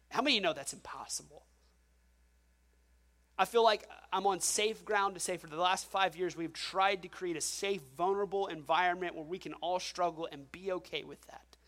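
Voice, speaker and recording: A male pastor preaching a sermon in a church, telling stories and asking the congregation questions. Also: high voice. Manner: animated storytelling with rhetorical questions to the congregation. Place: church sanctuary.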